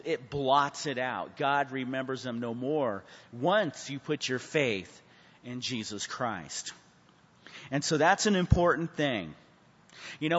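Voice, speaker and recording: A man teaching a Bible class in a church hall. He preaches with sudden swings from hushed to loud and asks the class questions, calling on people by name. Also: fairly high pitch. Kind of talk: Bible study sermon. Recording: muffled sound with a long hall reverb.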